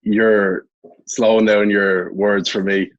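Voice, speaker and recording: A man's voice: lowish voice, flat delivery, takes it slowly, lo-fi sound, a little hiss or hum. An Irishman in his twenties chatting as a podcast guest over a video call, laid-back and joking, with casual swearing. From Ireland. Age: 20s. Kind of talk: casual chat.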